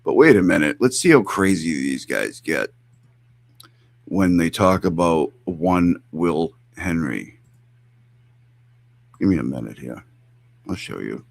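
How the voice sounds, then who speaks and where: A man's voice: sits low, very animated, slow pace, gravelly, pauses often. A man streaming live, reacting to clips with mocking, profane, incredulous commentary.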